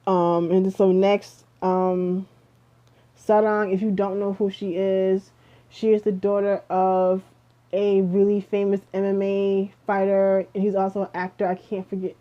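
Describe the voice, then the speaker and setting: Young woman vlogger, sleepy, rambling and chatty, monotone, lo-fi home recording. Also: medium pitch. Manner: chatty, rambling, lots of ums and likes. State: sleepy, yawning. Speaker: K-pop vlogger. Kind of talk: casual review vlog.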